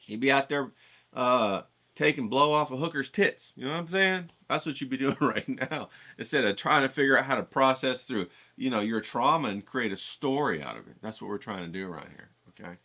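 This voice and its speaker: A man's voice: medium pitch, expressive, a little fast, bright, forceful tone. A man hosting a writing challenge, lecturing casually to camera in a profane, emphatic way, with frequent "okay?" check-ins.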